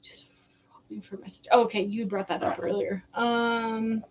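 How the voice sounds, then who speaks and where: A woman's voice: a little high, little pitch movement, normal speed, background noise. A young woman giving psychic readings on a live stream, chatty and giggly, often quoting spirits in a casual voice. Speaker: psychic reader.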